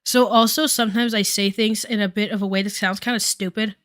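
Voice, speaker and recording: A woman's voice: medium pitch, fairly even intonation, fairly quick, a bit bright. A woman giving casual stream commentary while doing her makeup, rambling with lots of fillers and casual swearing.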